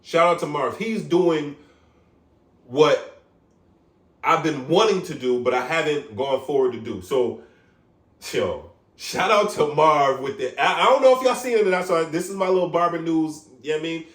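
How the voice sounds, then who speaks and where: Animated New York barber, roomy echo. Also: male voice, a little high, normal speed, far from the mic. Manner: animated, swearing, repeats "you get what I'm saying". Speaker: barber vlogger. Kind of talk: casual vlog rant. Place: his room at home. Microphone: phone.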